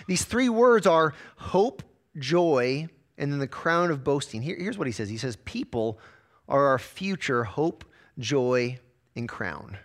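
A man preaching a sermon, walking through a passage with animated emphasis and frequent repeated words. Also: a little high. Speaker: pastor.

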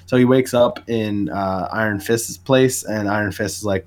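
Low-voiced man chatting about comics. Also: steady tone, moderate pace. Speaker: podcast co-host. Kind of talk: casual comic book chat.

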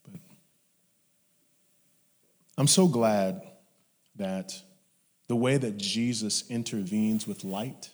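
A man preaching a sermon, telling stories and acting out his parents, dropping to hushed whispers and rising to loud shouts. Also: on the low side, drawn-out words, pauses often. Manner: storytelling, acts out family members in his anecdotes. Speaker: pastor. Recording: long hall reverb.

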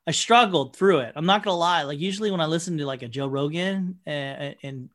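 A man's voice: a little high, a little fast, a bit bright. Man, casual podcast talk, rambling storyteller, acts out quotes, swears. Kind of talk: casual chat.

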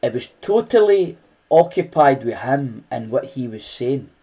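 Slow, earnest Scottish preacher. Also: male voice, medium pitch, sing-song, mellow, husky. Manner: earnest, conversational, with frequent restarts. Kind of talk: sermon.

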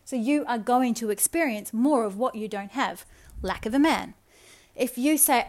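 Woman podcast host, slightly high voice, soft and earnest, coaxing self-help delivery. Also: moderate pace. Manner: addresses listener affectionately. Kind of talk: spiritual self-help talk.

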